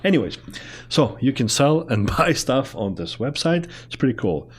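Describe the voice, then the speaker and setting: A man hosting a talk show, speaking English with a foreign accent in a chatty, animated way that jumps between topics. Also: mid-range voice, normal speed, breathy edge. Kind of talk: casual interview chat.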